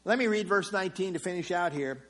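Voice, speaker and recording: A man's voice: high voice, fast, a bit bright. A man teaching a Bible passage verse by verse in an explanatory sermon style, often repeating key phrases.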